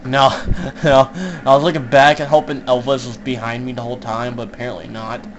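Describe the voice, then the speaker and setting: A young man giving casual, joking commentary while playing an online horror game, swearing and laughing often and shouting when startled. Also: mid-range voice, steady tone, moderate pace, dull audio. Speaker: gaming YouTuber. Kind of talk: casual let's-play commentary.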